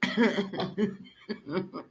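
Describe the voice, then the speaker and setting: A woman's voice: medium pitch, extremely slow, a little mellow. A middle-aged woman hosting a livestream, chatting casually with viewers, telling bawdy stories and laughing often. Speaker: livestream host.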